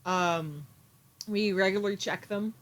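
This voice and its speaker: A woman's voice: mid-range voice, measured pace, fairly bright tone. A young woman chatting casually on a livestream, giggling and reading viewer comments aloud. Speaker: streamer.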